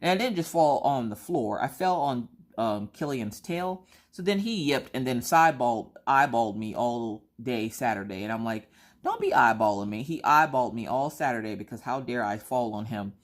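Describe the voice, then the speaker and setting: A woman in her thirties chatting casually while crafting, telling stories and squealing high when she acts out her own quotes. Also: lively intonation, normal speed, hardly any pauses. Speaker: crafting vlogger.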